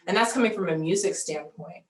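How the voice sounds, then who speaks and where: A woman, a military band musician and outreach representative, speaking on an online panel in a measured, fluent way. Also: lowish voice. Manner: measured and fluent, with occasional ums. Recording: roomy echo.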